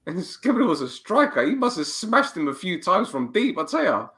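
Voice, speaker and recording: A man's voice: high-pitched, very animated, normal speed, sharp tone. A man co-hosting a casual football podcast, jokey and chatty, often trailing off and restarting. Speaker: podcast co-host.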